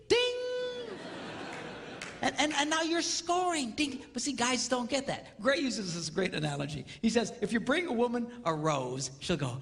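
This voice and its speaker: A man giving a comedic marriage seminar on stage in a large hall, playful and animated, acting out little quotes and sound effects. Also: very high voice, moderate pace, gravelly. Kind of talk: comedic live seminar talk. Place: large hall with live audience.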